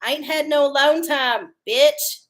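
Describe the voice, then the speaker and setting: A jealous, mouthy male pet grumbling that he gets no alone time, as his Texan owner puts him on. The voice stays close to her own, a touch high, and loose and profane. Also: measured pace, a bit bright. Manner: grumbling, cussing.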